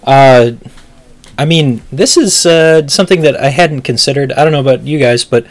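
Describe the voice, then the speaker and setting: A man co-hosting a casual gaming news podcast, relaxed and joking as he reads out the next story. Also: medium pitch, normal speed. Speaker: podcast co-host.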